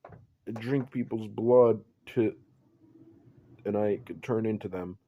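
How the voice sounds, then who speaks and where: Man voicing a scared young villainess, pleading, low unchanged voice, fan story. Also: slow, mellow, lo-fi sound. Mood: meek.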